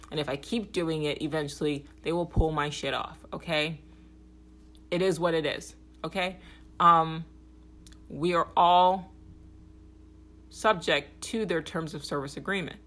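Low-pitched woman ranting on her podcast, swears a lot, keeps going "okay?". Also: a bit bright. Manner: blunt, profane, repeats "okay?" for emphasis; grows heated and higher when agitated. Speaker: podcast host. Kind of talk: opinionated political monologue.

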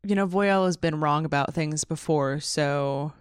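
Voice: medium pitch, measured pace, clean tone, dry recording, studio quality. A co-host in a casual TV recap, giving short agreements and hesitant musings.

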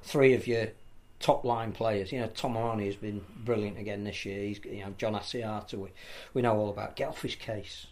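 A man, talking through rugby league as a pundit in a casual podcast chat, measured and full of restarts. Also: on the low side, fairly even intonation, a little mellow. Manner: thoughtful, measured analysis with frequent restarts.

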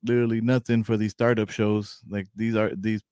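A man's voice: lowish voice, level tone, fairly quick, darkish tone, smooth, no room sound, studio quality. A young man co-hosting a podcast, talking laid-back in profane slang with trailing phrases. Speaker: podcast co-host. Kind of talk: casual chat.

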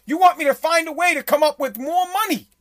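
A man's voice: very high-pitched, a little fast. A man who owns a small business, ranting sarcastically and profanely about politics while playing clips. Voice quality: blunt, sarcastic, swears freely. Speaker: commentator, small business owner. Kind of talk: profane political rant over video clips.

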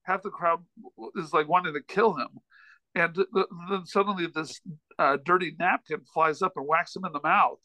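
Brief: male comedian guest, high-pitched, animated storyteller, dry close mic. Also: normal speed, dry recording, low-quality recording. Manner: rambling, animated anecdote with frequent restarts. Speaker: podcast guest, comedian and author. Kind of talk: casual storytelling in a chat.

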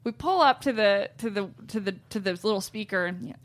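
A woman's voice: medium pitch, fast talker. A woman from Southern California co-hosting a podcast, telling stories and giggling through casual chat. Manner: giggly, animated storyteller. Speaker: podcast co-host.

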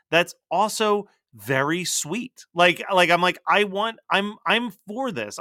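A man co-hosting a podcast in casual pop culture chat, animated and full of "like" fillers. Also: fairly high pitch, clean tone, no echo, clean studio sound. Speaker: podcast co-host.

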